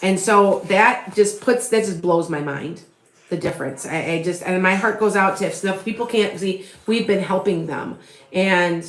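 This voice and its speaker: A woman's voice: on the low side, normal speed. A middle-aged woman doing a live tarot reading, answering viewers' questions in a rambling, chatty way full of fillers and restarts. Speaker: tarot reader and psychic medium. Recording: echoey room.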